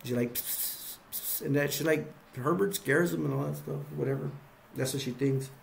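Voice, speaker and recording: A man's voice: fairly high pitch, a little fast, vocal fry, slight background noise. A man casually retelling movie scenes in a rambling way, acting out the characters' lines. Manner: rambling, acts out lines, lots of fillers. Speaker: video reviewer.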